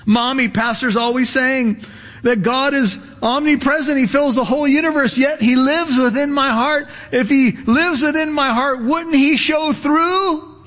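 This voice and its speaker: A man's voice: very high-pitched, unhurried, a bit bright, big-room sound, voice pushed up. A man doing a curious little girl. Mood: wondering.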